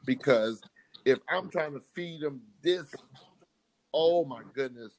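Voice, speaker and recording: A man's voice: fairly high pitch, takes it slowly, pauses often, low-quality recording. A man co-hosting a sports podcast, ranting in exasperation and tripping over repeated words. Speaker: podcast co-host. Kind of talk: heated casual sports chat.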